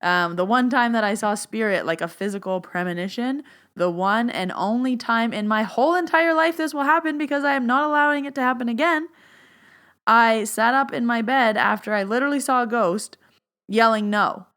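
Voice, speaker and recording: A woman hosting a podcast as a spiritual medium, chatty and emphatic, turning loud and stern when she stresses a point. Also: on the high side, normal speed, clean tone. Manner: emphatic, stern and loud when quoting her own boundary commands; chatty, with "like" fillers and playful asides. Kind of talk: casual solo podcast talk.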